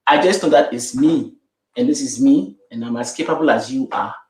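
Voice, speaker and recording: A woman's voice: extremely low pitch, normal speed, a little mellow, reverberant. A middle-aged woman speaking as an interview guest in an emphatic, repetitive, affirming way. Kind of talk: interview conversation.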